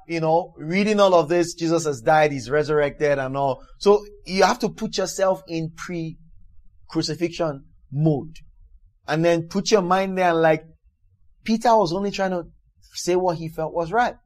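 A man delivers a sermon, moving between reading scripture and explaining it. His voice sits on the higher side for a man. He presses his points hard, repeats words, and builds to loud exclamations. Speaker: preacher.

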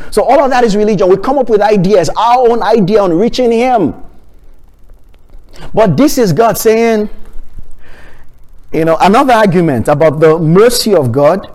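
Male pastor, fairly high voice; emphatic, repetitive sermon delivery with restarts. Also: expressive, moderate pace, pauses often, a little mellow.

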